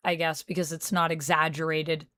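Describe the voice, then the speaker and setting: A woman's voice: sits low, level tone, moderate pace, fairly bright tone, clear, resonant tone, no room sound, studio quality. A Canadian woman streaming live, chatting casually and reading out viewers' chat messages as she answers them.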